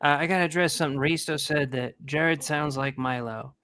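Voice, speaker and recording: Bright-voiced, profane drunk male co-host. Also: on the high side, fairly quick. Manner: blunt, profane, wry. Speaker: podcast co-host. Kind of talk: casual conversational chat.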